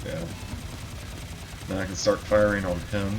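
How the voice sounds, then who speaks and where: A man's voice: low-pitched, little pitch movement, measured pace, background noise. A man giving casual, chatty commentary over his own gameplay, swearing now and then and joking at himself. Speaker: gamer. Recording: game music behind. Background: game music and keyboard typing.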